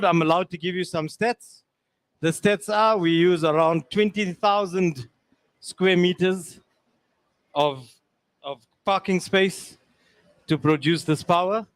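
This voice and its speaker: A man's voice: a little high, no echo. A man, the mall's landlord, giving a welcoming speech at an outdoor event with frequent restarts and fillers. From South Africa.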